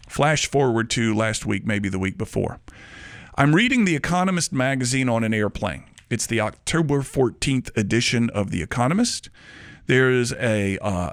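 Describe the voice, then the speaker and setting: Radio host man with a lively, dry voice. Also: mid-range voice, dry recording. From Mobile, Alabama. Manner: musing, rhetorical questions. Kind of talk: radio show monologue.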